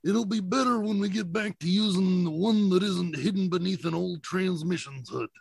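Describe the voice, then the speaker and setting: A man playing a gravelly tough robot warrior woman. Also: sits high, normal speed, no room sound, heavily acted.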